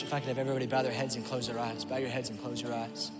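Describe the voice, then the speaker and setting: A male pastor delivering a sermon, moving between quiet storytelling and loud, shouted preaching. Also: medium pitch, little pitch movement, quick pace, hardly any pauses. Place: large church auditorium. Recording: long hall reverb with music behind.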